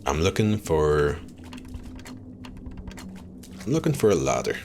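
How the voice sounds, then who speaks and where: A man streaming a game live, chatting with viewers, swearing freely and reacting loudly to what happens on screen. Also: very deep voice, big pitch swings, slow pace, creaky, background noise. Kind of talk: live gameplay commentary.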